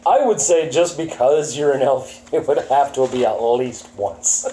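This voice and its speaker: Mellow-voiced man running a tabletop game. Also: mid-range voice. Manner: casual, halting narration with fillers. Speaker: game master. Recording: echoey room, faint ambient hum.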